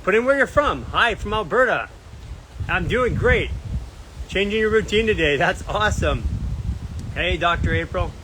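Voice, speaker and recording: A man's voice: high voice, lively intonation, moderate pace, long pauses, bright, forceful tone, a little hiss or hum, poor audio. A Canadian man hosting a casual live stream outdoors near a beach, upbeat, reading out where his viewers are from. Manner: upbeat, reads out viewer comments and places.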